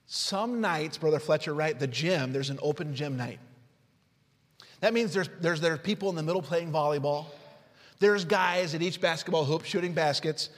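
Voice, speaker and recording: A man preaching a sermon, telling stories and swinging from hushed words to shouting. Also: on the high side, moderate pace. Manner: storytelling with illustrations. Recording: long hall reverb.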